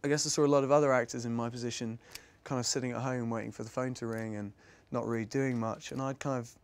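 A man's voice: medium pitch, fairly even intonation, fast, clear, resonant tone. A young man from England, an actor answering pupils' questions in a casual, rambling, self-deprecating way with frequent laughs. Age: young adult. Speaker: actor guest. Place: school room with audience.

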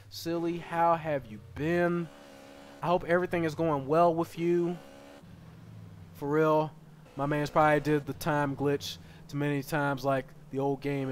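A man streaming a game live and chatting with viewers, excitable and slangy, jumping from loud shouts to low mutters. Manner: slangy, playful banter with chat. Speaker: gaming streamer. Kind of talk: live gameplay commentary reading chat.

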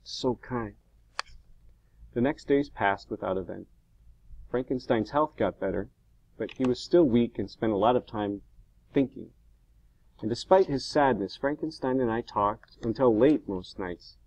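A man narrates a novel in a steady storytelling voice of middling pitch. The sound is dry and close, with a slightly dull tone. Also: normal speed, no echo. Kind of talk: audiobook narration.

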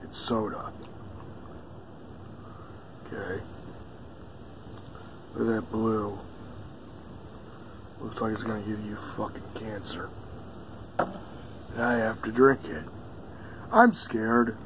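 Slow, offhand man who swears freely. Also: lowish voice, background noise. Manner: swears a lot, offhand and drowsy. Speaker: vlogger. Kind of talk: casual chat.

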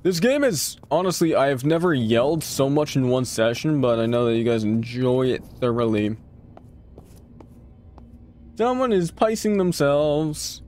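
A man's voice: mid-range voice, lively intonation, a little slow, a little mellow. Jumpy man swearing through a horror game. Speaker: gaming streamer. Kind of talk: horror game let's play commentary.

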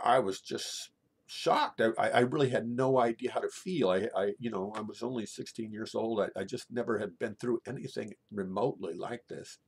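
A middle-aged man telling a true personal story in a halting way, often repeating and restarting his words. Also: medium pitch, gravelly, breathy edge.

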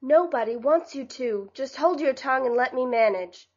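A spoiled teenage girl from a storybook snaps back pertly in a high, sharp voice, put on by a woman narrator. She has a quick temper and a sulky edge. The audio is a bit muffled. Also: lively intonation. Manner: pert, snappish. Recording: slightly dull lo-fi audio.

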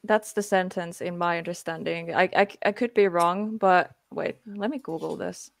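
A woman's voice: fairly low pitch, moderate pace, gravelly, no room sound. A woman from Finland, an English speaker with a stuffy nose, hosting a casual live-stream chat and reading from her notes with lots of fillers. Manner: chatty, reads from notes, frequent fillers. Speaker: host.

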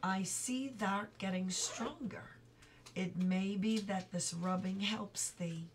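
A woman voicing a calm, patient old monk carpenter who speaks quietly in old-fashioned thee-and-thou speech. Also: medium pitch, slow, a little hiss or hum, close to an everyday voice. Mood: kindly.

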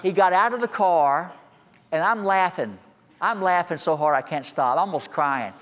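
A man in his sixties, a senior pastor, preaching a sermon and telling a childhood story, moving between quiet asides and raised, emphatic calls. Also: sits high, expressive, moderate pace. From American. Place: church sanctuary. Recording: long hall reverb.

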